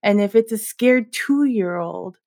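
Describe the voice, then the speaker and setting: A woman's voice: medium pitch, expressive, slow, a little mellow. A woman interviewing a guest, agreeable and casual, often using "like" and "you know".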